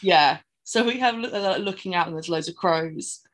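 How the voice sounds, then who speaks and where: A woman's voice: on the low side, moderate pace. Chatty woman retelling a film. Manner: rambling, acts out characters' lines while retelling scenes. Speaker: podcast co-host. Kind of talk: casual film recap chat.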